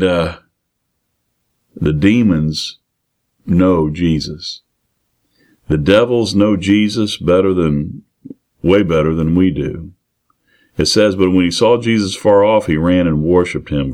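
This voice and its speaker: Deep low-voiced guy preaching, reads a verse then explains it, earnest and plain, keeps restarting and repeating words. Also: slow pace, long pauses, darkish tone. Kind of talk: expository sermon reading and explaining scripture.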